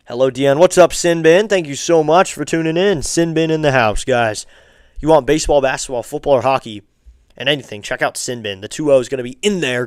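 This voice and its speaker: A man's voice: mid-range voice, clean tone, no room sound, clean studio sound. A man doing casual play-by-play of a baseball game for a live stream, chatting with viewers and asking them for likes and subs.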